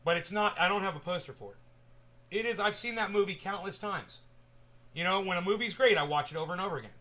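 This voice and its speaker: A man chatting casually to viewers at home, rambling and swearing, jumping from loud bursts to mumbling. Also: high voice, fast talker. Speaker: cannabis vlogger. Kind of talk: casual stoned chat to viewers.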